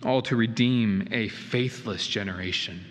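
A man's voice: fairly low pitch, a little slow. Guy preaching in a church, earnest and emphatic, long echo off the hall, faint hiss behind. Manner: earnest, emphatic, with rhetorical questions. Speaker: pastor. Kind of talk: sermon. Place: church sanctuary. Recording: reverberant hall with faint noise.

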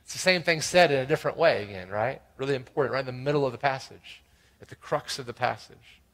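A man preaching a sermon, explaining scripture verse by verse with frequent "right?" asides, swinging between loud emphasis and quiet asides. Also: medium pitch, fast talker, poor audio. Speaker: pastor.

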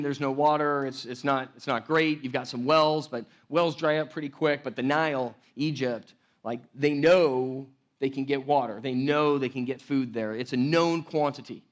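A man delivering a sermon in a fairly high voice. He talks in a loose, conversational way, restarting phrases and checking in with his listeners. His energy rises as he walks through the passage. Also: fairly even intonation, moderate pace, hardly any pauses. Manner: conversational, rambling with restarts and "like, right?". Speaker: pastor.

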